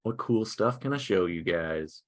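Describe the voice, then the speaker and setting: A man presenting a teacher workshop over a video call, upbeat and self-deprecating, talking casually in halting starts from his desk. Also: low-pitched, expressive. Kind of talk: casual online workshop talk. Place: indoors at a desk.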